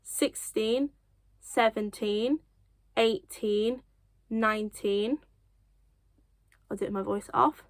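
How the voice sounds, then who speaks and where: Casting: young woman from the UK, kids' sign language teacher, unhurried and encouraging, slightly high voice, dry close sound. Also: no echo. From United Kingdom. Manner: encouraging, self-deprecating, gentle laughs. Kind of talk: children's lesson, slow counting.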